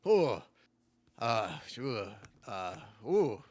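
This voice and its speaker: A man voicing a sleepy, drunken male detective who talks in a slurred, halting mumble. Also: medium pitch, big pitch swings, a little mellow, dry recording, exaggerated voice. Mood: groggy.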